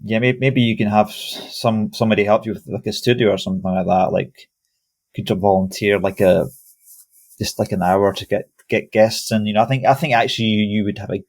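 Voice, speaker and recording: A man's voice: fairly low pitch, fairly even intonation, a little fast. A man hosting a podcast interview over a call, casual and hesitant, often restarting his sentences. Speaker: podcast host. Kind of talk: conversational interview. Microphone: video call.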